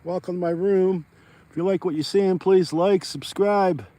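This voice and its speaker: A man's voice: high-pitched, steady tone, moderate pace, mellow, dry recording. A man, chatting rambly to viewers while ice fishing outdoors on a frozen pond. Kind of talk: casual outdoor vlog chat.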